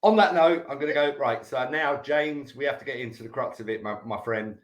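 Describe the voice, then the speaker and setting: A man hosting a podcast in casual chat, bantering and quick to laugh. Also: medium pitch. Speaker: podcast host. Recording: roomy echo.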